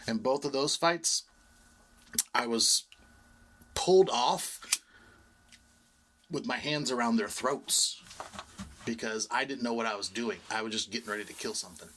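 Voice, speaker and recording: A middle-aged man chatting casually on a podcast, telling a story and swearing freely. His voice is bright and forward, pitched at an ordinary level. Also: measured pace, long pauses, a little hiss or hum. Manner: storytelling, swearing, laughs often. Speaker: podcast co-host.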